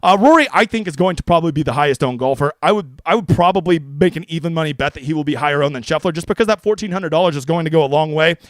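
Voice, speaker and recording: A man doing casual livestream commentary with a brash, jokey edge and plenty of swearing. He talks fast in a fairly high voice and gets excitable. The sound is dry and close. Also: dry recording. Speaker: fantasy golf streamer.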